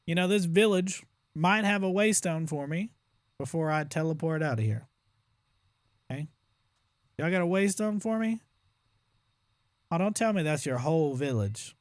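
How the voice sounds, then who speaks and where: A young man talking his way through a video game run, his voice sitting a little high for a man. He jumps between loud excitement and exaggerated complaining, chatting to his viewers like friends. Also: moderate pace, long pauses, no echo, clean studio sound. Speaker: gaming streamer. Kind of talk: casual gameplay commentary.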